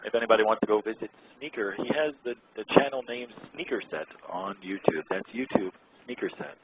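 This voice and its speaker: Fast-talking irreverent radio host on a tinny line. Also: male voice, fairly low pitch, heavy background noise. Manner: rambling and irreverent, laughs often. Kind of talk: casual chat, reading out web articles. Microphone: close mic he keeps blowing into.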